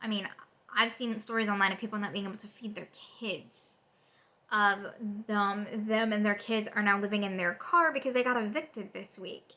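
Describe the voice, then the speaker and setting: In an unscripted, angry rant, a woman political vlogger sounds exasperated and swears, with rapid repetitions and restarts. Her mid-range voice has a sharp tone.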